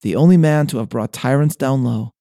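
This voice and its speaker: A man giving a scripted talk, reading aloud in a measured, deliberate way. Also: mid-range voice, gravelly, mellow, no room sound, studio quality. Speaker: speaker on Jewish history.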